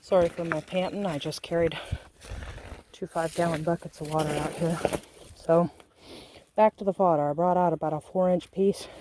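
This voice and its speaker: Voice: mid-range voice, steady tone, moderate pace, mellow, slight background noise. A small-farm owner chatting casually through a how-to demonstration, explaining as they go with plenty of ums and uhs.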